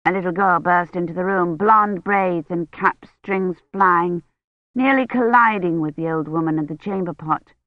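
A woman reading a novel aloud as an audiobook narrator in a measured, even storytelling manner, in a dull, lo-fi recording. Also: on the low side, no echo. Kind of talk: scripted narration. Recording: dull, lo-fi, dry.

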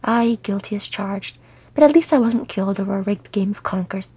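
A woman voicing a gruff, dry dwarf king. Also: medium pitch, fairly quick, warm tone, no room sound. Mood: wry.

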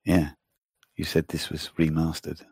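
A man chatting casually, telling rambling, animated stories and swearing freely. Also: very deep voice, unhurried, vocal fry, slightly rough, dry recording, studio quality. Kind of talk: casual chat.

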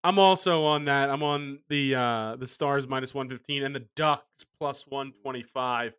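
A man's voice: medium pitch, a bit bright, clean tone. A man hosting a casual betting podcast, moving things along and calling on each co-host for picks. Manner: brisk, moves the show along.

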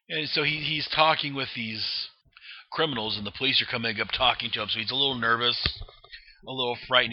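The comic book reader talks at a medium pitch and normal speed, leaving long pauses. The dry, dull lo-fi recording catches him casually describing the book, with lots of fillers and restarts.

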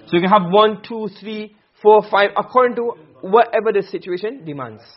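A man teaching a classroom lesson, explaining points quickly and checking often that his listeners follow. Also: high voice. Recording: dull lo-fi sound.

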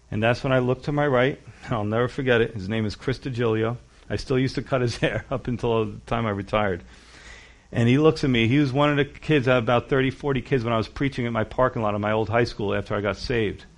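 A middle-aged man preaching a sermon, telling stories with acted-out voices and big swings in loudness. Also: mid-range voice, gravelly. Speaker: pastor.

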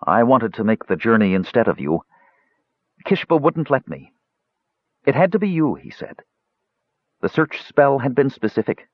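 A man's voice: mid-range voice, very animated, normal speed, pauses often, no echo, pitched above the performer's own voice. A man voicing an earnest, secretive male dwarf juggler who speaks cryptically, on a dull lo-fi recording. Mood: cryptic.

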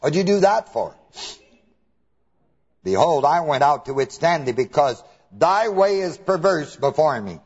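A man's voice: fairly high pitch, sing-song, a little slow, breathy edge, in a large hall, highs cut off, full character voice. A man voicing a stern angel who rebukes a rider in a mix of old scripture wording and slang.

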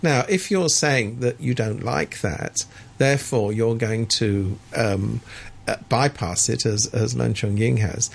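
Sardonic man with a gravelly husky voice. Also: mid-range voice, a little slow. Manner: sardonic, stammering restarts. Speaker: radio commentator. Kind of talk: opinionated radio talk. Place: radio studio.

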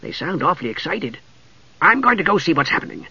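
A man doing a high, chirpy kender adventurer. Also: very animated, fast talker, pushed and bright, husky, exaggerated voice. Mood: curious. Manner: eager, chirpy, breezy. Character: cheerful, curious, reckless male kender adventurer. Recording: dull lo-fi audio.

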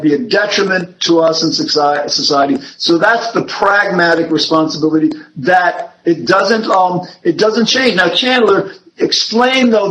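A man hosting a discussion, explaining ideas slowly with many fillers and restarts. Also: high-pitched, fairly bright tone. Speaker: host. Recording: dull lo-fi with faint noise.

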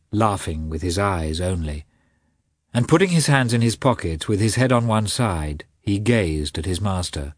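A man narrating a classic novel as an audiobook, reading in a measured, expressive way with a husky voice. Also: on the low side, dry recording, studio quality.

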